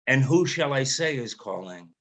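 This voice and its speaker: Telephone operator, flat and routine, all business; a man voices her. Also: medium pitch, normal speed, natural voice. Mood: detached. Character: detached, droning female telephone operator.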